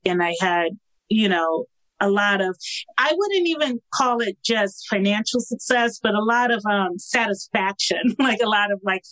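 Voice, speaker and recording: A woman's voice: medium pitch, a bit bright, no room sound, low-quality recording. Chatty woman author guest, laughs often, dry close sound. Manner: chatty, laughing, many fillers. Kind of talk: casual podcast interview.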